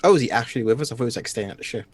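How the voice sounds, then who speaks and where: A man taking part as a player in a tabletop game, talking in a relaxed, offhand way. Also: mid-range voice, racing, husky. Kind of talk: casual chat.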